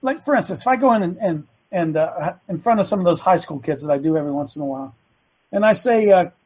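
A man hosting a talk show as a coach, preaching opinions with rapid rhetorical questions and frequent restarts. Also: high-pitched, expressive, darkish tone, breathy edge, poor audio. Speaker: host and coach.

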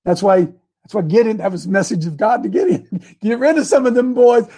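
Husky high-voiced man preaching with slang. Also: fairly quick. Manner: animated, slangy, acts out scripture with street talk. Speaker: host and preacher. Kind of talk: preaching Bible commentary on a live show.

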